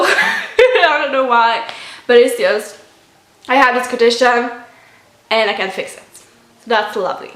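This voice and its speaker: A woman's voice: on the high side, a bit bright. Swedish girl in her 20s chatting to camera, lots of like and you know, echoey room. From Sweden. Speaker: vlogger. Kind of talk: casual chat to camera. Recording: roomy echo.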